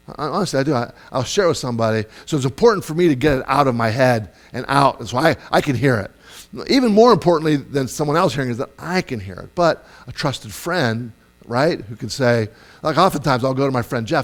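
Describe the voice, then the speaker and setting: A man preaching a sermon in a lively, conversational way, acting out quoted voices with sudden loud bursts. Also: a little high, fairly quick. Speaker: pastor.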